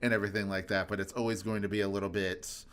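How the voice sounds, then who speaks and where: Low-voiced casual male podcast co-host. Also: quick pace, smooth. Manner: relaxed, rambling, laughs often. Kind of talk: casual chat.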